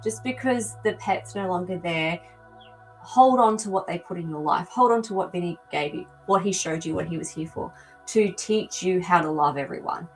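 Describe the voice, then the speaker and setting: A woman's voice: fairly low pitch, moderate pace, faint music behind, rough recording. A woman hosting a live animal communication show, talking casually to viewers and thinking aloud with many ums. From not from America. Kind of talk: live-stream reading for viewers.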